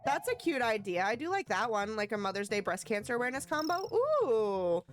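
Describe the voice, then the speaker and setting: A woman's voice: on the high side, very animated, brisk, faint music behind. A woman live-streaming a video game, chatting with her viewers and shrieking at close calls. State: tired after work.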